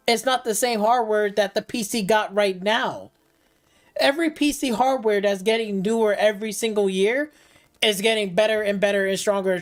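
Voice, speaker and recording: A woman streamer delivering heated, profane gaming commentary on a live stream, repeating and restarting phrases as she rants. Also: mid-range voice.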